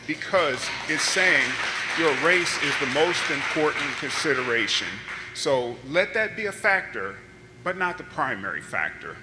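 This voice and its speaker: Earnest man testifying, bright voice. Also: medium pitch, slight background noise. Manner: earnest, conversational, many fillers. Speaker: public commenter. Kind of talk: public testimony at a hearing. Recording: reverberant hearing room.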